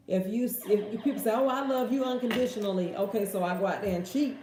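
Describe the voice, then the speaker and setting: A woman's voice: mid-range voice, fast talker, warm tone, slight background noise. A woman hosting a casual question-and-answer talk, with an emphatic, preachy, folksy way of speaking. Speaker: host. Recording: echoey room.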